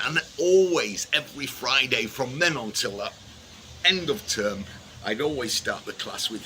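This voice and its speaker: A man and former teacher reminiscing about his teaching years in a relaxed, anecdotal way. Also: mid-range voice, measured pace. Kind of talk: reminiscing monologue. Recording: noisy background.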